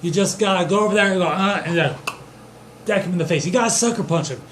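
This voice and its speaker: A man's voice: sits high, quick pace, a bit bright, reverberant, slight background noise. A young man improvising an absurd, profane comedic story, rambling and loosely voicing the characters he quotes.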